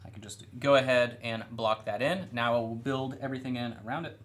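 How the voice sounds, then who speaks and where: Painting miniatures on a live stream, a young man speaks a little fast in a mid-range voice. He's in a studio room, loosely chatting and wandering off topic, joking at his own expense.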